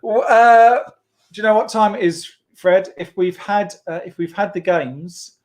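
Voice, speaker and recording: A man's voice: high-pitched, a little slow, a little mellow. Upbeat man hosting a kids' club. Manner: chatty and playful, with frequent laughs and fillers. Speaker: host of a children's church club. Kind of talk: casual online hosting for children.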